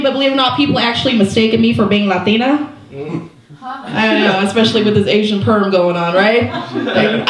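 Chatty woman comic in an echoey room. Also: medium pitch. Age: 30s. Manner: chatty, self-mocking, lots of "like" and "you know". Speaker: stand-up comedian. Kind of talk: stand-up comedy set. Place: small comedy venue with a live audience.

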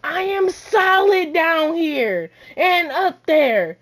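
A woman giving loud, boastful trash-talk commentary while playing a basketball video game, often shouting. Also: extremely high pitch, very animated, drawn-out words, hardly any pauses. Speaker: gamer. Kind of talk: live gameplay commentary.

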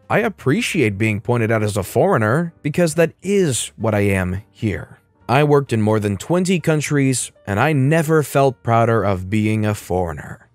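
Guy reading a reddit-style story out loud, mid-pitched voice, dry sound, some quiet music under it. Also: no echo. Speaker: storytime narrator. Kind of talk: scripted narration of an online story.

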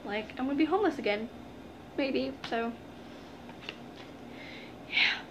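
A woman's voice: high-pitched, expressive, a little slow, background noise. A young woman chatting to her viewers in a casual unboxing vlog, gushing and giggling, calling them "guys". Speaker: vlogger.

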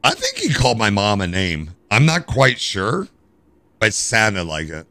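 American male streamer, gravelly and dry, close to the mic. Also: lowish voice, normal speed, dry recording. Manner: animated, jokey, complains to chat. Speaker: game streamer. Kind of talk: live gameplay commentary.

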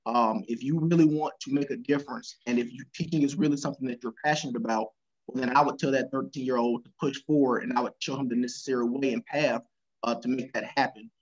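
A man answering as a panelist over a video call, earnest and measured. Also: mid-range voice, steady tone, lo-fi sound. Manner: earnest, with many fillers and restarts.

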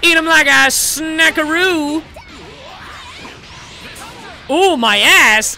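A young man giving excited gameplay commentary, yelling and trash-talking his opponent as he plays a fighting game. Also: very high voice, extremely slow, faint music behind. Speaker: gaming YouTuber playing a fighting game.

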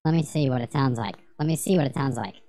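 A woman's voice: very deep voice, fast, mellow. A woman streaming a retro game, rambling, swearing and joking with her chat as she plays. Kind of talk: casual livestream gameplay commentary.

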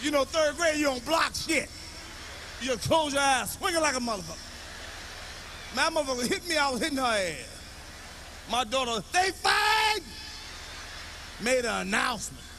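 A man telling profane stand-up comedy stories to a live audience, often shouting. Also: very high-pitched, expressive, moderate pace, long pauses, a little hiss or hum.

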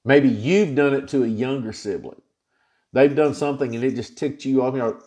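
A man's voice: medium pitch, normal speed, warm tone. A male pastor teaching an informal Bible study, retelling scripture in a folksy, plain-spoken way.

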